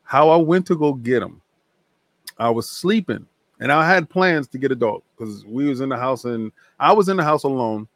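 A man spins a casual story as a guest on an interview show. He is animated and acts out the people in his tale. His voice sits at a middle pitch and is recorded dry and close. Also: normal speed, no echo. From New York.

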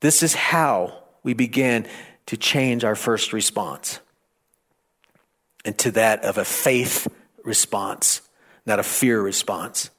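A man preaching a sermon, stammering and repeating phrases, rising toward near shouting at times. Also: on the low side, steady tone, takes it slowly, pauses often. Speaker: pastor.

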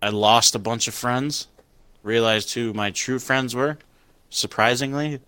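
Young dude ranting and laughing, bright tense voice, dry sound. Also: male voice, medium pitch, unhurried, clear, resonant tone, no room sound. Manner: profane storytelling, laughing and animated. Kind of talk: casual chat.

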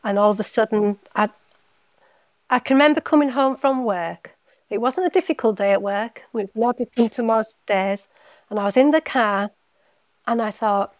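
A woman guest on a podcast, telling a personal story in a heartfelt, halting way, often repeating words. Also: on the high side, no room sound. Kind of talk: emotional personal story in casual chat.

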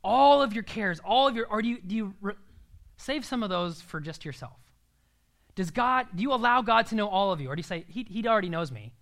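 A man's voice: high voice, lively intonation, a little fast, fairly bright tone. A young man preaching a sermon in an earnest, emphatic way, sometimes dropping to a near-whisper.

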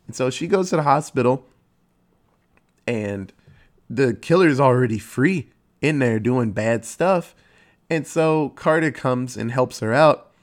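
A man chatting casually as he recaps a story, loose and rambling. He strings thoughts together with "like" and drops in casual swearing. His tone is relaxed and conversational. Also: mid-range voice, unhurried, long pauses. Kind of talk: casual chat retelling a movie plot.

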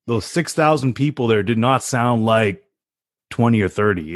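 A man's voice: mid-range voice, expressive, normal speed, dry recording. A man with a mid-range voice that swings up and down a lot talks sports on a casual podcast. He is eager and emphatic as he runs through his notes. The recording is dry, with no room sound.

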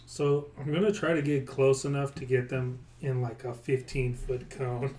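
Casual male player, hesitant, filler-heavy, mid-pitched. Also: moderate pace. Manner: relaxed, hesitant with many "like"s and "uh"s. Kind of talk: casual tabletop play.

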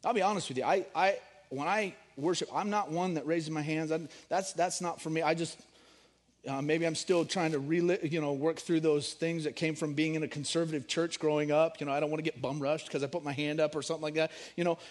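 A middle-aged man preaching a sermon, animated, swinging between loud emphasis and hushed storytelling. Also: fairly high pitch, fairly quick. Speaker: pastor.

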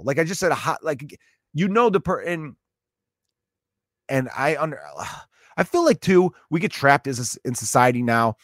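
A man's voice: a little high, lively intonation, moderate pace, pauses often, no room sound. Sarcastic ranting man, dry sound. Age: adult parent. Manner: sarcastic, profane, exasperated. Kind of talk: comedic rant.

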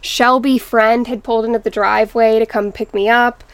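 Young woman, podcast guest, gravelly voice, fairly high, dry close sound, halting retelling. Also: little pitch movement, dry recording. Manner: halting, restarts, quotes family members. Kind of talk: emotional personal story in a podcast interview.

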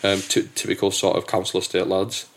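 Male podcast host, lowish voice, hesitant storyteller, casual chat. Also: completely flat delivery, brisk, creaky. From England. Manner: hesitant, many restarts and fillers.

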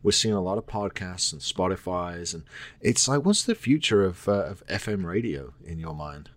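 A man's voice: low voice, lively intonation, moderate pace, a bit bright, no room sound, clean studio sound. A man hosting a podcast, asking questions in an enthusiastic, laid-back way and calling his guest "dude" and "man.". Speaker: podcast host. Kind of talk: casual interview chat.

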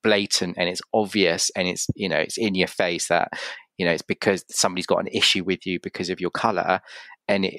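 A podcast host from Yorkshire, England, with an English accent, speaks in a low-pitched, fairly bright voice with vocal fry, recorded dry. During a casual interview he talks reflectively, restarting often and acting out quotes.

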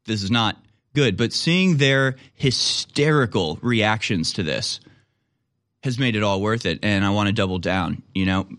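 A man's voice: lowish voice, lively intonation, unhurried, a bit bright. A man hosting a political commentary show, talking in a sarcastic, incredulous way with frequent laughs.

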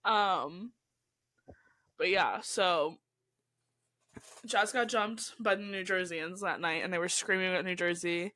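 A woman's voice: on the low side, takes it slowly, long pauses, sharp tone, dry recording. A young woman from California chats with friends on a podcast, stacking up anecdotes and slipping into the voices of the people she quotes. Her speech is loose and full of "like" and restarts. The sound is dry and close. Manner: chatty storyteller, quotes people in their own voices, frequent likes and restarts. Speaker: podcast co-host. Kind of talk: casual chat.

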